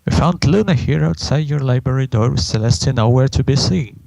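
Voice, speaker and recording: A man's voice: medium pitch, fairly quick, vocal fry, a little mellow, dry recording, natural voice. A man reading a stern young female comic character in his own voice.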